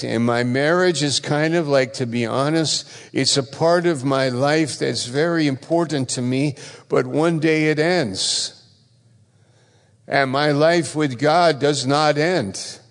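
Gravelly-voiced male preacher in a reverberant hall. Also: medium pitch. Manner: emphatic, repeats phrases, swings between loud stresses and quiet asides. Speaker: pastor. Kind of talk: sermon. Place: church.

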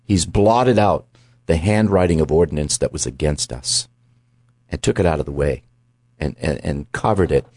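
A man's voice: a bass voice, normal speed, darkish tone, dry recording. A man hosting a Christian talk show, teaching emphatically from scripture and often repeating words as he goes. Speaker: host.

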